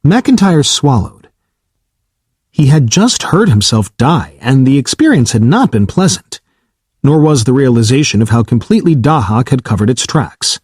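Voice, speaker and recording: A man narrating a science fiction audiobook in a steady, even reading. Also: mid-range voice, moderate pace, slightly rough, no echo, studio quality. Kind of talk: scripted narration.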